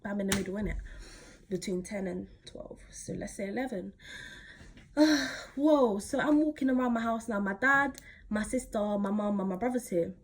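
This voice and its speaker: A woman's voice: mid-range voice, moderate pace. A teenage woman, telling a personal story casually to camera, rambling with lots of fillers and slang. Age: teens. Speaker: vlogger.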